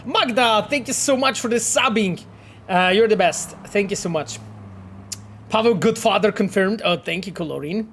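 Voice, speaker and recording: Male game streamer, high-pitched, animated and profane, faint game sound underneath. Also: normal speed, a little hiss or hum. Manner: animated, swears often, thinks aloud with many fillers. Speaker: game developer streaming gameplay. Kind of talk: casual livestream commentary.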